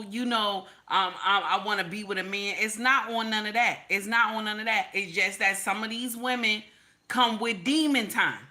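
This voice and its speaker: A woman's voice: medium pitch, sharp tone. A woman, giving sassy, repetitive livestream commentary and reading viewer comments aloud. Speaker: commentary streamer.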